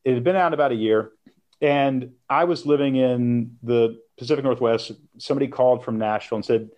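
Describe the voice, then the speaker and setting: A middle-aged man, an author and interview guest, telling a personal story in an animated way and laughing as he goes. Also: medium pitch, fairly quick, muffled recording.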